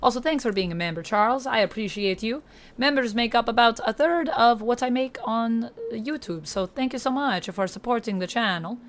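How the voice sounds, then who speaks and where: A woman's voice: on the high side, moderate pace, a little hiss or hum. A woman hosting a gaming livestream, reading viewer comments aloud and chatting in a hammy mock Italian accent. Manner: chatty, thanks viewers warmly by name. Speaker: livestream host.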